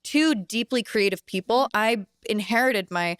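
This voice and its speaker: Smooth-voiced chatty young woman. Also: mid-range voice, a little slow, no echo, clean studio sound. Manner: chatty, animated, lots of "like" fillers, swears casually. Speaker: podcast guest, singer and actress. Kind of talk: casual chat. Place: indoor podcast set.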